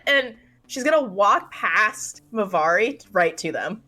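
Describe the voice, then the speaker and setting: Giggly, high-voiced woman player. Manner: giggly, animated, quick to laugh. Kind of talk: tabletop game role-play.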